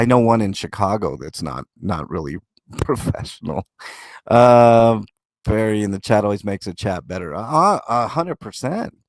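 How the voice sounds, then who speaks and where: A man's voice: lowish voice, dry recording. A man hosting a casual livestream, reading chat messages aloud and rambling with many fillers, restarts and swearing. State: talking with a mouth full of food.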